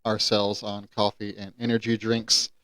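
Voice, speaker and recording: A man's voice: fairly low pitch, monotone, normal speed, fairly bright tone, dry recording. A man hosting a casual podcast, easygoing and enthusiastic, laughing often as he chats. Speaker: podcast host.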